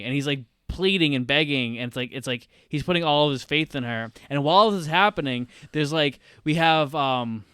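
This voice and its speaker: A man co-hosting a casual film podcast, excitedly retelling a scene blow by blow and swearing freely. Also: fairly high pitch, a little fast, hardly any pauses, clean tone, no room sound. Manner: excitable, profane play-by-play retelling. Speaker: podcast co-host.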